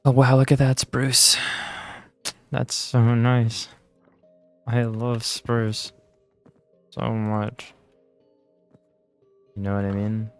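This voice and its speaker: A man's voice: mid-range voice, level tone, extremely slow, pauses often, faint music behind. A tired young man chatting casually while playing a game, rambling and self-deprecating. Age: young adult. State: tired, yawning. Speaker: gaming channel host. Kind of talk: casual gameplay commentary.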